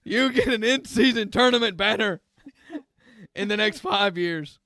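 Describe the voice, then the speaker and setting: A podcast co-host voicing a grumpy, sarcastic mall Santa in a scratchy smoker's voice, scolding a guest during a comedy bit. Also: male voice, high voice, measured pace, pushed and bright, no room sound, exaggerated voice. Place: small closet studio.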